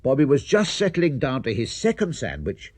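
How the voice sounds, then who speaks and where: Expressive husky-voiced male storyteller. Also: medium pitch, normal speed, no room sound. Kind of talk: children's story reading.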